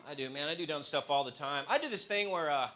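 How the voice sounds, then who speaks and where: A man from the American Midwest doing stand-up comedy, playfully jumping into loud, goofy voices. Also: fairly high pitch, lively intonation, fast talker, slight background noise.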